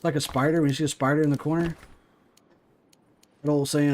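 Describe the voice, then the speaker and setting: A man's voice: a little high, little pitch movement, fairly quick, a little mellow, slight background noise. A man chatting casually on a gaming livestream, swearing freely and rambling through stories from his life. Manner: profane, rambling storytelling.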